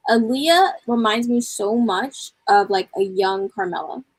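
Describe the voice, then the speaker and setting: Breathy woman breaking down wrestling. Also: medium pitch, measured pace, no room sound, rough recording. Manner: confident, analytical, teasing. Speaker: podcast co-host. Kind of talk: casual wrestling review chat.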